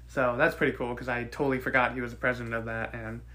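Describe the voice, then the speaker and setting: A man's voice: mid-range voice, little pitch movement, quick pace, bright, forceful tone. Man recapping wrestling, casual and joking. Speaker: podcast co-host. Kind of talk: casual wrestling review chat.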